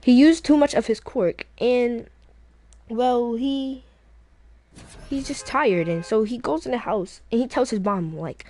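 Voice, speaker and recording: A woman's voice: on the high side, measured pace, dark tone. A woman YouTuber casually telling a fan-fiction story, rambling with many fillers and restarts.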